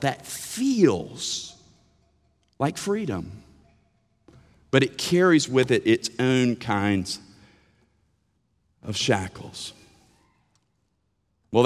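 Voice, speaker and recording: A man preaching a sermon as pastor, animated, swinging from emphatic lines to hushed ones. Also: mid-range voice, takes it slowly, long pauses, long reverb tail. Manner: animated preaching with sudden drops to a hush. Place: church sanctuary.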